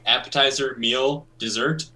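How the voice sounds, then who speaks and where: A man voicing his character in a tabletop game, and he talks loud and fast when he is excited. His tone is very bright and forceful. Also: mid-range voice, rough recording. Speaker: tabletop player.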